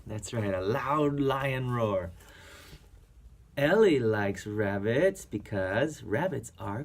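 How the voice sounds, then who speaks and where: A man reading a children's picture book aloud to a young child as a reading teacher, playful, with animal sounds and soft whispers. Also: mid-range voice, lively intonation, slow pace.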